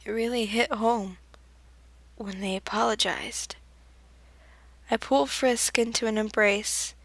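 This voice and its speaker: A woman reading her own story aloud in the first person, soft-spoken and often dropping to a whisper. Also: a little high, steady tone, slow pace, creaky, no room sound. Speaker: fanfiction reader.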